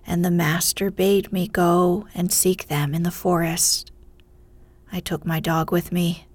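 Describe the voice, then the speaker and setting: A woman reading a fairy tale aloud in a soft voice that often drops to a whisper, in whispered storytelling. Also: fairly low pitch, no echo.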